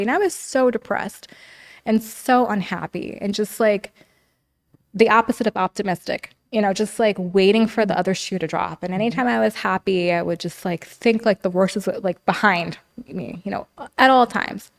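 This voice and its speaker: A woman speaks as a podcast guest, recounting her past in a frank, conversational flow. Her pitch sits in an ordinary middle range. She peppers her talk with "like" and slips into the voices of people she quotes. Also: moderate pace, gravelly. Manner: talkative, heavy use of "like", acts out quoted dialogue. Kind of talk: candid interview storytelling.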